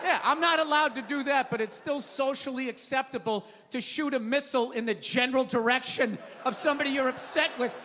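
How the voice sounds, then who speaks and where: A man doing a live stand-up routine, loud, sarcastic and profane as he rants on a stage mic. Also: extremely high pitch, a little fast, few pauses. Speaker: stand-up comedian. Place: large theater stage before a live audience. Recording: reverberant hall with audience noise.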